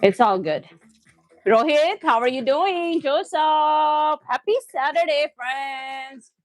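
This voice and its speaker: A woman hosting a live cooking stream from her home kitchen, excitable and loud, often laughing at herself as she chats with viewers. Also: sits high, slow pace, dry recording.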